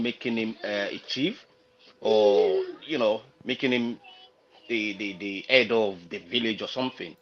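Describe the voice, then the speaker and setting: A man's voice: lowish voice, a bit bright, dull audio. A man from Nigeria on a livestream panel, talking unhurriedly, searching for words and citing proverbs. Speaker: panel guest. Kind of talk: casual discussion on a livestream.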